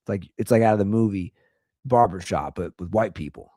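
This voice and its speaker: A man's voice: fairly low pitch, a little fast, no room sound. Male podcast host, voice leaping up and down with rhetorical questions, recorded dry and close. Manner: animated ranting with rhetorical questions. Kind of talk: solo ranting talk show.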